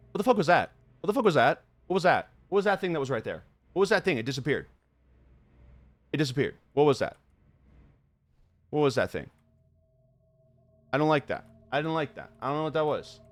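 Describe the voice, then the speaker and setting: Animated rambling male game streamer. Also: a little high, no echo. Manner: rambling, laughing, swearing, reads on-screen text aloud quickly. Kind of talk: live gameplay commentary.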